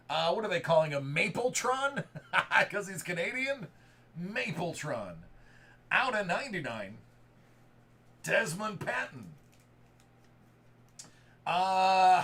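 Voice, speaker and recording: A man hosting a live sports card break, reading out cards and serial numbers and erupting into hype shouts. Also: high voice.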